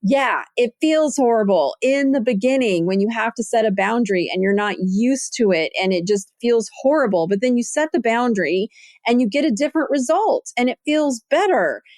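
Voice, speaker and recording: A middle-aged woman hosts a podcast in a casual, chatty way. She tells stories with animation and often jumps higher when quoting. Her voice sits close and dry on the mic. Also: normal speed, dry recording. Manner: animated storyteller, acts out quotes in a higher voice. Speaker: podcast host.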